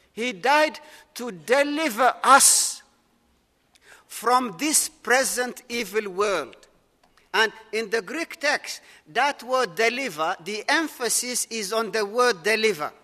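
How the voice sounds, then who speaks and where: A man preaches with earnest, repetitive emphasis, building his points phrase by phrase. His voice sits high and rings bright. The sound carries a long, lingering hall reverb. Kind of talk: sermon.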